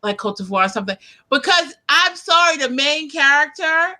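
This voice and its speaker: Woman, bright sharp tone, fairly high voice, chatty, laughs a lot, casual film talk. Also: expressive, normal speed. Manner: chatty, laughs often, trails off mid-sentence. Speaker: interviewer. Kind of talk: casual chat about films.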